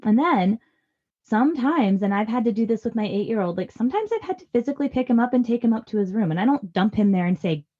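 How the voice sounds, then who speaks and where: A woman's voice: a little high, animated, fast, narrow, tinny audio. A woman in her thirties giving earnest, reassuring parenting advice in a podcast conversation. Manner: earnest and reassuring, acts out parent lines softly. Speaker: parenting guest expert.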